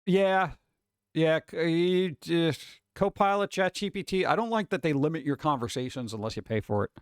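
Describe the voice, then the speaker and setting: A male streamer talks casually into a close, dry mic, his fairly high voice leaping up and down as he reacts. He reads chat aloud and swears now and then in a loose, animated way. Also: moderate pace, clear, resonant tone, no room sound. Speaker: streamer host.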